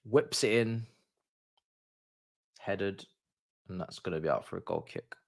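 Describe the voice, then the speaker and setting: A man's voice: low voice, huge pitch swings, unhurried, gravelly, no room sound, clean studio sound. A man streaming a live watch-along, chatty and slangy, with casual commentary on the match. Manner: chatty, slangy, groans and repeats "no" when annoyed.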